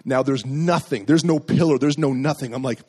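A man's voice: medium pitch, moderate pace, a little mellow, slightly rough. A middle-aged man preaching a sermon as a pastor, telling a personal story and acting out the dialogue in it.

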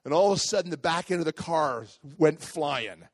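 A middle-aged man telling a lively personal story as a pastor in a sermon. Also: a little high, moderate pace. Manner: lively, animated storytelling with acted voices.

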